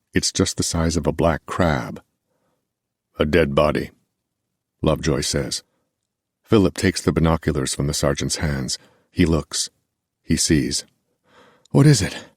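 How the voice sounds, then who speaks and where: A man narrating a horror audiobook in a measured, steady scripted delivery. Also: rumbling low, breathy edge, no echo, studio quality.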